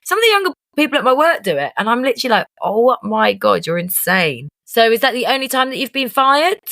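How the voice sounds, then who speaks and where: A woman's voice: high-pitched, sing-song, rapid-fire, pushed and bright, dry recording, clean studio sound. A woman, co-hosting a podcast in a teasing, casual way and laughing easily. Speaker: podcast co-host. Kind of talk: casual chat.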